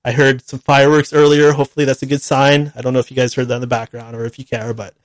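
A man's voice: mid-range voice, little pitch movement, fast, dry recording. A man hosting a call-in talk show alone, speaking bluntly and at length, repeating himself as he rants. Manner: blunt, ranting, repetitive. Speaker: radio show host. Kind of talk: solo call-in show monologue.

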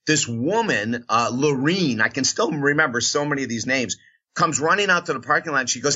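A man's voice: medium pitch, lively intonation, fast talker, pushed and bright, breathy edge, dull audio. A man, a radio host and motivational speaker, telling a career story in an interview and acting out the voices of the people in it.

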